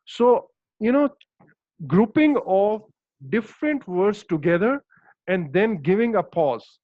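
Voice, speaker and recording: A man teaching an online exam-prep lesson, explaining slowly with lots of fillers and restarts. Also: high-pitched, animated, narrow, tinny audio. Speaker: English teacher.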